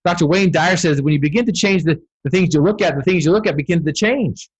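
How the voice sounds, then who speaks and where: A man's voice: a little high, fast, breathy edge, dull audio. A man speaking as a podcast guest, telling a personal story with dramatic, building emphasis.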